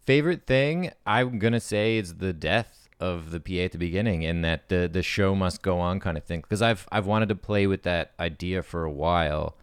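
A man with a very deep voice co-hosts a casual podcast, reading out a script and then rambling through his thoughts with fillers and self-deprecating asides. The sound is close and dry. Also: moderate pace, few pauses, smooth, dry recording. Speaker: podcast co-host.

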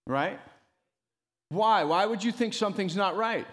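A man preaching a sermon as pastor, emphatic and animated, often rising loud and dropping to a near hush. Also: unhurried, big-room sound. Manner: emphatic preacher who rises and drops in pitch and loudness, calling "come on".

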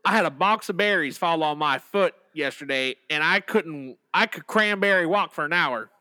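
A man co-hosting a podcast in casual chat, tossing out jokes and quick quips. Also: fairly high pitch, animated, pushed and bright. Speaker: podcast co-host.

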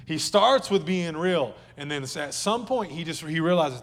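A man's voice: on the high side, animated, normal speed, hardly any pauses, fairly bright tone. Joking conversational male pastor, echoey hall. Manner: conversational and joking, with asides to the congregation. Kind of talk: sermon. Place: church service.

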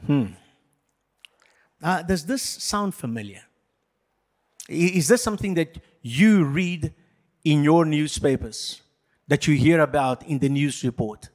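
A male pastor preaching a sermon in an animated, jokey way, addressing the congregation. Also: fairly high pitch, slow, pauses often, in a large hall.

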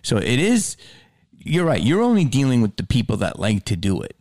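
A man hosting a podcast in casual chat, an animated storyteller who swears freely and sometimes drops to a low mutter. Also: moderate pace, no room sound, clean studio sound. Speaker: podcast host.

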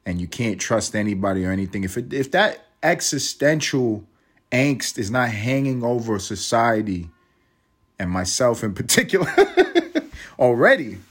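A man's voice: mid-range voice, very animated, moderate pace, a bit bright. A man in his thirties from East Harlem with a New York accent, hosting a solo podcast in a profane, rambling way and laughing at his own jokes. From East Harlem, New York City. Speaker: podcast host.

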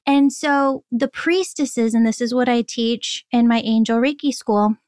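A woman in a podcast interview talks slowly and deliberately, with an earnest, preaching delivery. Her voice sits a little high, and the sound is dry and close to the microphone, with no room echo. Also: steady tone, a little mellow. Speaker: guest, spiritual teacher.

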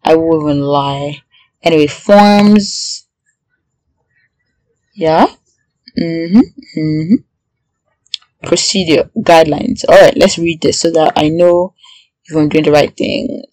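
A young adult woman, a PhD student and podcaster, talking in a casual video diary. She sounds anxious and excitable and often breaks into prayerful exclamations. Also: low-pitched, takes it slowly, pauses often, dry recording, low-quality recording.

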